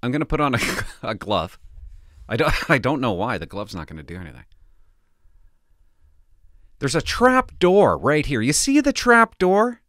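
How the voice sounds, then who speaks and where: A man's voice: mid-range voice, wildly swooping pitch, moderate pace, long pauses, a bit bright, no room sound, clean studio sound. A former police officer talking casually to camera, nervous and laughing to himself as he pries open a device. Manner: nervous, laughing, talks to himself while tinkering. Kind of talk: casual vlog narration.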